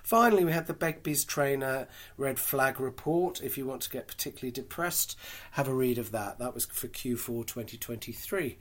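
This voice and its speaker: A British man talking through a long list of companies in a casual solo podcast. He is frank and chatty, drops dry asides, and pauses on fillers. His voice sits at a middling pitch. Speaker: podcast host. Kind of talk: casual solo market commentary.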